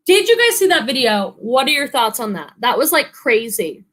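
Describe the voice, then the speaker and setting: A woman's voice: a little high, sing-song, moderate pace, a bit bright. A woman, an online reseller, hosting a casual live stream, chatting and reading viewer comments in a bubbly way, with lots of "like" and laughter. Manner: chatty, bubbly, many likes and ums, laughs often.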